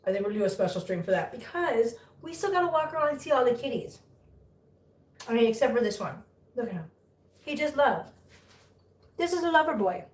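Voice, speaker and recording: A woman with a fairly high voice hosts a casual livestream from home, slipping between cooing baby talk for her cats and chatty asides to her viewers. She sits some distance from the mic, and the room gives her voice a noticeable echo. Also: expressive, quick pace. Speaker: cat rescue livestream host. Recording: echoey room, far from mic.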